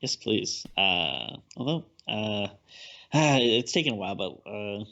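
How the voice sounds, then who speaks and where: A man's voice: fairly low pitch, lively intonation, slow, gravelly, sharp tone, highs cut off. A man co-hosting a horror podcast, joking casually with small stammers and chuckles. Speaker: podcast co-host.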